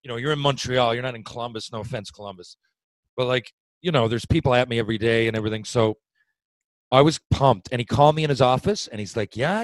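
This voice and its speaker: A middle-aged man, a former hockey player, telling a story in a casual chat, animated and swearing freely. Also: mid-range voice, dry recording, low-quality recording. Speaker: retired hockey player, podcast guest storyteller.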